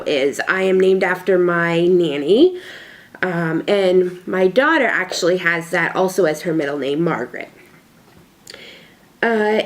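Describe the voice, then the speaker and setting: A young adult woman chatting casually at home for a tag video, rambling with fillers and asides. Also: medium pitch. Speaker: vlogger. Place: home alone.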